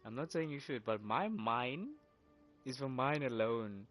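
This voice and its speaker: A woman with a bass voice streams a game and speaks a little slowly, with faint music behind her. In casual commentary she cracks profane jokes and rants in mock outrage at the characters, rambling and repeating words.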